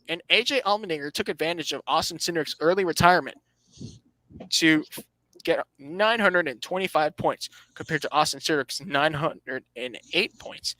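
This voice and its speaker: A man's voice: a little high, normal speed, bright, forceful tone, no echo, low-quality recording. A man hosting a casual motorsport podcast, reading out standings and giving his opinions with dry sarcasm, often restarting his phrases. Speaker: podcast host.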